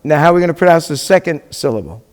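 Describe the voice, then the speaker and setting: A man's voice: on the high side, animated, very fast, darkish tone. Man, rabbi teaching a class, casual, patient, asks students questions, echoing classroom. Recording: long hall reverb.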